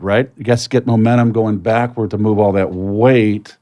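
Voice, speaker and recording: An older man with a very low voice tells stories from his playing days and slips into lively retellings of old conversations. The sound is dry and close, with no room behind it. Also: moderate pace, no room sound. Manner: reflective, animated when telling stories. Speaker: guest, retired baseball player. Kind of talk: storytelling in a podcast interview.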